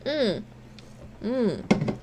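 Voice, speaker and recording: A woman's voice: fairly high pitch, sing-song, very slow, very noisy. A young woman casually commenting on a game and reading its text aloud, swearing offhandedly and stumbling over long words. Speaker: game streamer.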